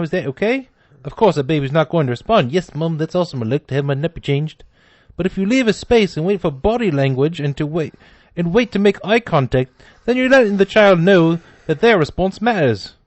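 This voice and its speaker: Man doing a shrill, mocked Australian lady educator. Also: no echo, close to an everyday voice. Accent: Australian, exaggerated. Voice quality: put-on high sing-song voice. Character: mocked Australian woman sex educator, preachy.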